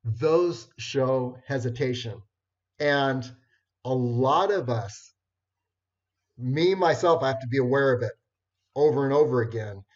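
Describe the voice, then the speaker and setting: A man giving an informal talk on networking skills, unhurried, with many fillers and restarts. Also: mid-range voice. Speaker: networking presenter. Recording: dull lo-fi recording.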